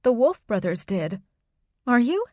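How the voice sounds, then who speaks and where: A woman's voice: fairly high pitch, very animated, a little slow, warm tone, no room sound, clean studio sound, pitched above the performer's own voice. A woman voicing a young heroine who speaks in a raised, urgent, demanding way. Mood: upset.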